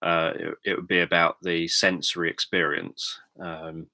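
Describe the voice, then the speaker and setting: A British man chatting calmly on a livestream, explaining things in a measured, thoughtful way with frequent pauses and ums. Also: sits low, gravelly, dry recording. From Britain. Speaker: livestream host, sleep story narrator. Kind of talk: casual livestream chat.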